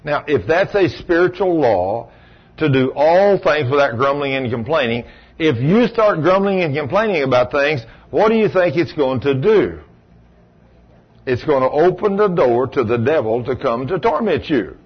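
A man's voice: a little high, lively intonation, normal speed, husky, dull audio. A man preaching a folksy sermon as pastor, asking his congregation rhetorical questions.

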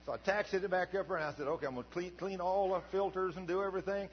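An older man preaching as a pastor, telling a story in a folksy, animated way that swings from quiet asides to shouts. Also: high voice, racing. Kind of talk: sermon storytelling. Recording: dull recording with long hall reverb and mains hum.

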